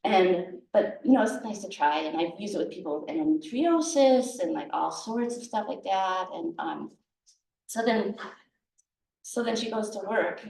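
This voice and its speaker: A woman's voice: medium pitch, expressive, normal speed, vocal fry, a little mellow, recorded from a distance. A woman herbalist from Minnesota giving a casual talk, chatty and laughing often, with many restarts. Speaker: herbalist teacher. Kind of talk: casual talk to a guild audience. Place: room at a guild meeting. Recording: echoey room.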